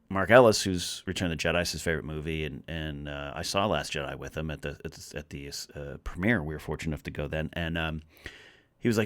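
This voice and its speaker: A man's voice: a bass voice, fast talker, no echo, studio quality. A man on a podcast as a guest, talking casually and animatedly, rambling with lots of restarts. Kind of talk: casual chat.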